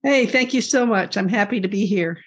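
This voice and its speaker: A woman's voice: medium pitch, moderate pace, breathy edge. Older woman telling her story. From California. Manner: chatty, animated storytelling. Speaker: guest, energy healer. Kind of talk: storytelling interview.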